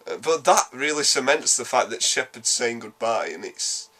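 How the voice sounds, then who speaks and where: Here a Yorkshireman of medium pitch gives an informal spoken game review. Blunt, sweary and animated, he rambles fast across his points.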